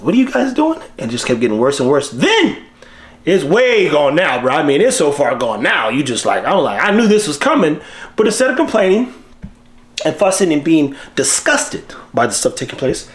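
Animated, slangy man with a lively voice. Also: a little high, fairly quick. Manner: animated, slangy, laughs often. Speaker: dog breeder and channel host. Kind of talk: casual talk to camera.

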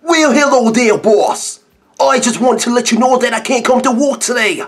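A man voicing an airheaded worker calling in sick to the boss, slow and dramatic, in a comedy skit. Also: very high-pitched.

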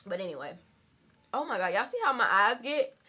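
A woman's voice: medium pitch, very animated, a little fast, pushed and bright, breathy edge. A young woman with a Southern American accent, from the rural South, chatting candidly to camera in a home vlog. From Southern United States, rural. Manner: chatty, candid, frequent laughs, says y'all. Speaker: vlogger. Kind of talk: casual chat to camera.

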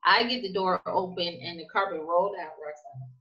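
A woman with a lowish voice speaks a little fast as a guest in a conversational interview, and the audio is dull. She is an immigrant business owner who tells stories emphatically and with animation, acting out quoted dialogue.

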